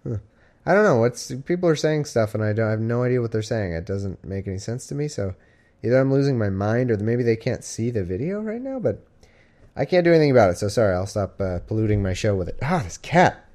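A man's voice: fairly low pitch, lively intonation, fast, a little mellow. A man hosting a live stream, reading scripture aloud and breaking off into wry, sarcastic, rambling asides. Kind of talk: casual scripture reading with commentary.

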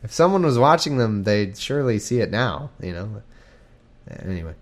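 A man's voice: lowish voice, very animated, normal speed. A man reading scripture aloud and joking about it in a casual, irreverent way, laughing at his own remarks. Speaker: scripture reader and commentator.

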